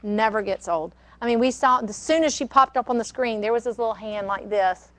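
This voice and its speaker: A woman's voice: a little high, a little fast, a bit bright, no echo. An older woman, hosting a casual cooking demonstration and chatting in a rambling, storytelling way. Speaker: cooking show host. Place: kitchen studio.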